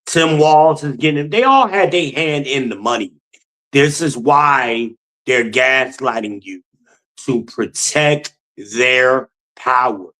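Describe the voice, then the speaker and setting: A man's voice: mid-range voice, takes it slowly, pushed and bright. A man from New Jersey hosting a podcast alone, giving blunt, profane opinion commentary in a mocking tone. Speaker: podcast host.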